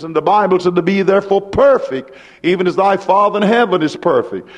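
A man with a high voice preaches a sermon. His delivery rises to loud lines and drops to hushed ones in a steady preaching cadence. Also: fairly quick, muffled recording.

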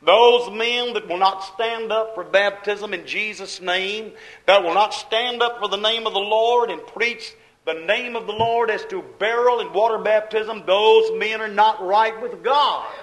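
High, bright-voiced fiery preacher man. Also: unhurried, low-quality recording. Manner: emphatic, swings from loud declarations to low asides. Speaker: pastor. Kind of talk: fiery sermon.

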